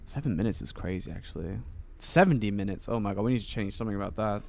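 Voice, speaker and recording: A man's voice: lowish voice, fast talker, gravelly, darkish tone, a little hiss or hum. A man chatting casually while playing a video game, rambling with many fillers and restarts. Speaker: game streamer. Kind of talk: casual chat while gaming.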